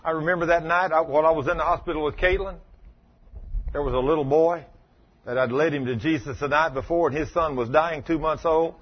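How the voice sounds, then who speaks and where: A man preaching a sermon, telling stories in a fervent, animated way with a husky voice. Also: on the high side, brisk, lo-fi sound.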